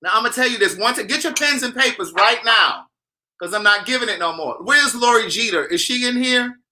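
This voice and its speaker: Sassy, animated male vlogger. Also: extremely high pitch, brisk. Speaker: vlogger host. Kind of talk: casual direct-to-camera vlog.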